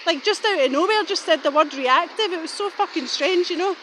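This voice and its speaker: Woman, middle-aged, high voice, rambling and suspicious, filmed while out walking. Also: animated, a little fast, pushed and bright, a little hiss or hum. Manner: rambling, suspicious, swears casually. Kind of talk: rambling walking vlog monologue. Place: outdoors, walking.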